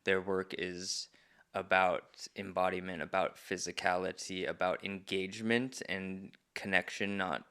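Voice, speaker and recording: A man's voice: deep voice, flat delivery, a little slow, a bit bright, clean tone. A man who facilitates men's groups, speaking as a podcast guest in an earnest, reflective way. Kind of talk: reflective conversation.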